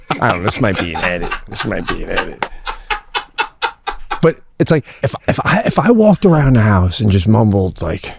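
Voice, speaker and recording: A man's voice: medium pitch, moderate pace, creaky, noisy background. A middle-aged man co-hosting a podcast, telling stories in casual chat with frequent laughter. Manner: laughing, animated storytelling. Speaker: podcast co-host.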